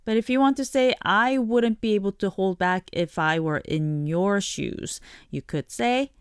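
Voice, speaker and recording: A woman hosting a radio language lesson, explaining an expression in a clear teaching tone. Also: mid-range voice, lively intonation, unhurried, few pauses, no room sound, studio quality.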